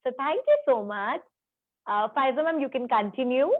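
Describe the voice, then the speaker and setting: A woman with an Indian English accent teaching children on a video call, counting out sums slowly and sing-song. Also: sits high, lively intonation. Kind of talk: online class for children. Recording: narrow phone-like video call audio.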